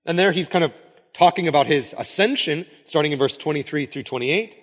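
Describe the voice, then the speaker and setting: A man's voice: a little high, brisk, a bit bright. A man preaching a conversational sermon, full of casual asides and rhetorical questions. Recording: long hall reverb.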